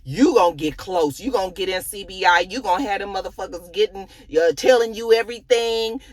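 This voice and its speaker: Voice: mid-range voice, a little fast, close to an everyday voice. A woman putting on the voice of a bossy, ambitious young woman, brash and profane. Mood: scheming.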